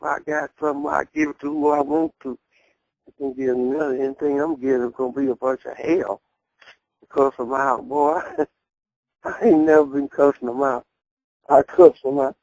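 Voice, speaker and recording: A woman's voice: deep voice, vocal fry, dry recording, low-quality recording. An older grandmother telling her story in a blunt, candid way and chuckling as she talks. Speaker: interviewee. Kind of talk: casual storytelling.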